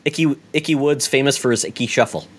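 A man's voice: medium pitch, fast. A man co-hosting a casual podcast chat, explaining things in a knowledgeable, wry way. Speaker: podcast co-host.

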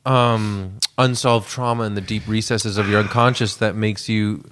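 A man's voice: fairly low pitch, fairly even intonation, moderate pace, a bit bright, a little hiss or hum. A man co-hosting a podcast who works as a stand-up comedian, talking in a loose, rambling, joking way and laughing often. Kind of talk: casual podcast chat.

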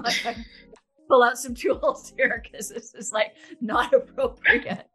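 A woman's voice: fairly high pitch, steady tone, measured pace, a bit bright, soft background music. A woman talking earnestly and expressively as a podcast guest, laughing easily and using fillers like "you know.". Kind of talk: conversational podcast interview.

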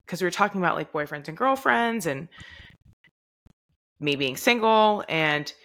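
Bright-voiced young woman telling a story. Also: lowish voice, moderate pace. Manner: animated storytelling, acts out quoted dialogue. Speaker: podcast co-host. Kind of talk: casual chat.

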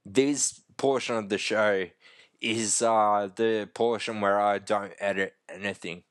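Slow, croaky podcast host. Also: male voice, on the low side, fairly even intonation, dry recording, clean studio sound. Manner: rambling, profane, self-interrupting. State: croaky throat. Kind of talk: unedited casual monologue.

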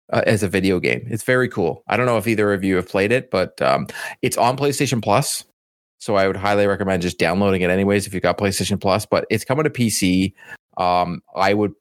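A man's voice: low-pitched, no echo, clean studio sound. A man chatting casually about video games, rambling and repeating himself as he recommends titles. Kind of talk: casual gaming chat.

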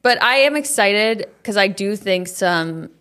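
A woman's voice: medium pitch, lively intonation, measured pace, a bit bright. A woman co-hosting a casual podcast, wry and blunt, swearing casually. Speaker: podcast co-host. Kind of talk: casual chat.

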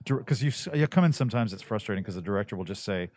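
Man with a radio-ish voice, animated. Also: lowish voice, rapid-fire. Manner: animated storyteller, acts out quotes. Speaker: voice actor guest. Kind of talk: casual interview chat.

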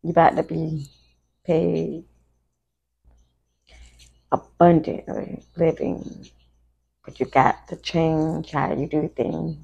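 A woman's voice: sits low, flat delivery, warm tone, muffled recording. A woman giving a casual, emotional live tarot reading to her viewers. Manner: slow, gravelly, chatty, emotional. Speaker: tarot reader.

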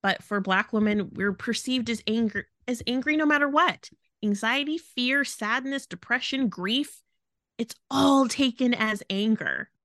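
A woman's voice: fairly high pitch, unhurried, a bit bright, no room sound, studio quality. A woman co-hosting a podcast, talking frankly and emphatically in casual chat. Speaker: podcast co-host.

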